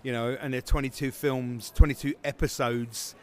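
A man's voice: mid-range voice, fairly even intonation, normal speed. A man who founded a film festival, answering interview questions casually with many fillers and restarts.

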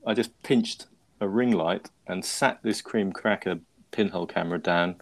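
Speaking at a normal pace in a low-pitched voice, this man hosts a podcast and tells a story casually. He wanders, pokes fun at himself, and keeps starting over.

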